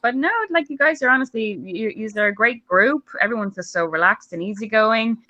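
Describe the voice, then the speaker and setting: Irish woman, comedian, chatty and laughing, bright tone, dry close sound, video call. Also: on the high side, brisk, no echo, dull audio. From Ireland. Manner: chatty, laughing, swearing freely. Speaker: comedian guest. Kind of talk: casual chat on a video call.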